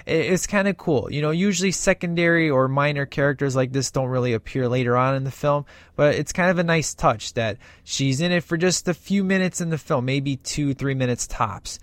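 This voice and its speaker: A man's voice: on the high side, brisk, few pauses, no echo. A man chatting casually about a movie he loves, enthusiastic and rambling, often acting out quoted lines. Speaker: movie reviewer.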